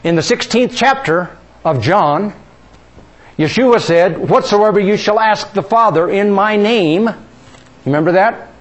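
A man's voice: expressive, unhurried. Call-and-response preaching man. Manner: questioning the congregation, drawing call-and-response; drops soft and low on key words. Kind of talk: sermon.

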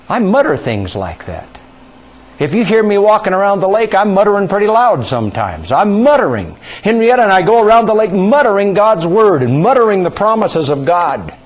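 Preaching a teaching sermon, this male pastor has a high, slightly rough voice with big pitch swings. He questions the congregation, repeats key words and stretches scripture readings out slowly.

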